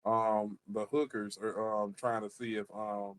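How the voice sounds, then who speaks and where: A man's voice: on the low side, little pitch movement, a little slow. Laid-back man running a tabletop game. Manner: loose, repeats words, frequent restarts and "you know". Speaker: game master. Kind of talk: narrating a tabletop game in casual chat.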